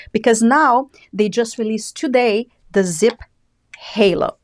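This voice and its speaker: A woman with a Brazilian accent hosting a live beauty product review, chatty and enthusiastic. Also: mid-range voice. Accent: Brazilian Portuguese. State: a little out of breath. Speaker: beauty channel host.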